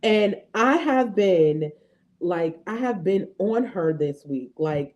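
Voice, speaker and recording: A woman in her thirties hosting a faith talk, speaking to viewers in a lively, chatty way and often checking in with "right?" and "okay?". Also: mid-range voice, slow pace. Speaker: host of a faith affirmation show. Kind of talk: casual devotional talk.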